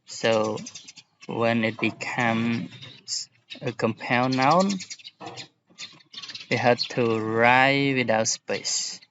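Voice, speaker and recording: A male English teacher talks through a lesson at an unhurried, deliberate pace, pausing to give examples. His voice sits at an ordinary pitch, and the recording is a little dull and lo-fi with a faint hiss underneath. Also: steady tone, a bit bright. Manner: slow, explaining patiently with examples.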